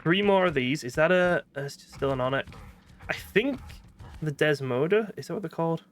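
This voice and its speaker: A gaming streamer from northern Britain chats casually over his gameplay, thinking aloud and poking fun at himself in a northern British accent. His voice sits on the high side, with lively intonation and a moderate pace. There's a little hiss or hum in the background.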